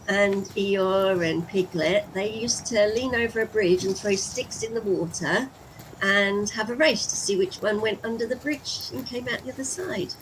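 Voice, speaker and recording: A woman's voice: medium pitch, measured pace, poor audio. English woman, middle-aged, rambling friendly vlog chat while walking, camera mic, slight background hiss. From England. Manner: chatty and rambling, talks to viewers. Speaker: vlogger. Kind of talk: casual vlog commentary. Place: outdoors on a walk.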